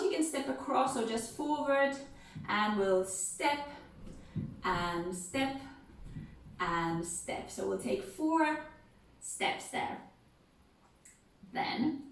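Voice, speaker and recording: A woman leading a gentle seated music and movement session, soft and encouraging, talking through each step. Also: high-pitched, far from the mic. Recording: very echoey room, away from the mic.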